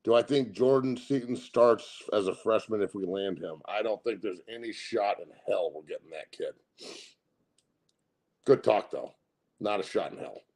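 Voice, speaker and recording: Gravelly, brash, profane host. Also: male voice, lowish voice, normal speed. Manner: loud, brash and profane, laughs often. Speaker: sports show host. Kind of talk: profane casual sports commentary.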